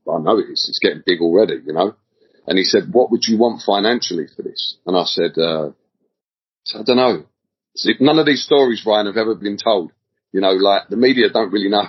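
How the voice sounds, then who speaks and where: A man's voice: deep voice, breathy edge. A middle-aged man from England, telling stories as a podcast guest in a rambling, slangy way, often repeating words. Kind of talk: casual storytelling interview. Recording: dull lo-fi audio.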